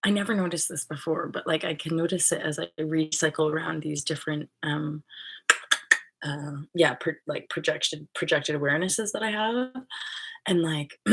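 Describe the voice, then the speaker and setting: Speaking at a normal pace in a low, slightly rough voice, a woman hosts her own channel. Her casual spiritual monologue rambles along, full of fillers, restarts and swearing.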